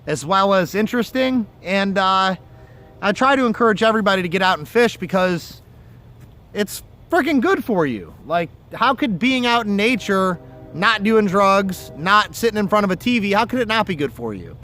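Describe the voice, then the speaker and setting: His high voice is sing-song, pushed and bright, at a moderate pace, as he hosts a fishing livestream by the water. Captured on a phone or camera, he rambles through casual chat and stories full of profanity.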